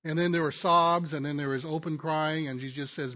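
A male pastor preaching a sermon in a conversational, storytelling way, often restarting his words and going soft and quiet in tender moments. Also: fairly high pitch, steady tone, a little fast, hardly any pauses. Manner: frequent restarts and stammers. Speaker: pastor and ministry teacher.

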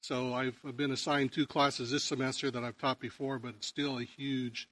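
A pastor preaching in a conversational way, telling stories and often restarting phrases. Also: male voice, medium pitch, little pitch movement, moderate pace, a bit bright. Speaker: pastor and teacher. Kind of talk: sermon.

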